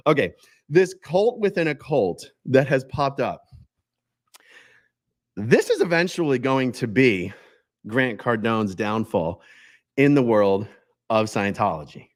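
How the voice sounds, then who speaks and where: A man hosting a commentary video, talking in an animated, joking way with digressions. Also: mid-range voice, slow, pauses often, no echo, studio quality. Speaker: host.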